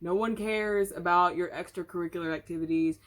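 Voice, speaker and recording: A woman's voice: fairly low pitch, steady tone, a little fast, lightly acted. A woman voicing a fed-up father who bluntly scolds a child, exasperated.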